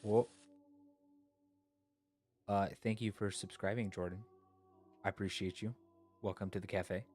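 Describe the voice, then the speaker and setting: A man's voice: lowish voice, steady tone, a little slow, long pauses, darkish tone, soft background music. A man streamer chatting casually and rambling, thinking aloud with fillers, sleepy. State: yawning, sleepy. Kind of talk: casual chat.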